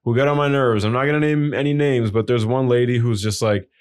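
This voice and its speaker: Young man, podcast co-host, casual rambling storyteller, swears a lot, mid-pitched voice. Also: steady tone, brisk, clean tone. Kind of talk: casual chat.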